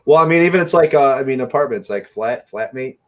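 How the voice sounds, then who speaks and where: Laid-back cussing podcast host. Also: male voice, mid-range voice, expressive, fairly quick. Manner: laid-back, profane, laughs a lot, many fillers. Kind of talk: casual chat.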